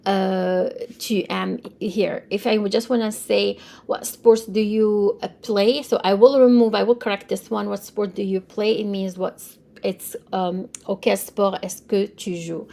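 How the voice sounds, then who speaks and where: Woman, language teacher, slow, gravelly, spells and repeats words. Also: medium pitch, a little mellow. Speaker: French teacher. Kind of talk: vocabulary lesson.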